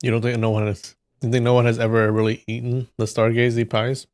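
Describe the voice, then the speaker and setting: A man's voice: mid-range voice, monotone, fairly quick, a little mellow, no echo, studio quality. A man hosting a live stream, chatting casually and with amusement while he tastes snacks. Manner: musing, amused, trailing asides.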